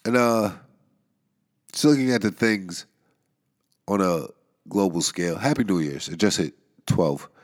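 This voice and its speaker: A man's voice: low-pitched, a little slow, pauses often. A man hosting a podcast in a casual monologue, nasal and stuffy from a cold, rambling wryly and chuckling between thoughts. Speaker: podcast host. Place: New York area.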